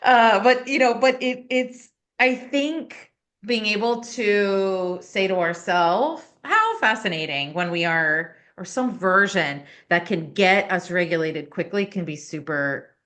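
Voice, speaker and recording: A woman consultant and coach talking in a casual podcast conversation, explaining things with animated asides. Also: fairly low pitch, takes it slowly.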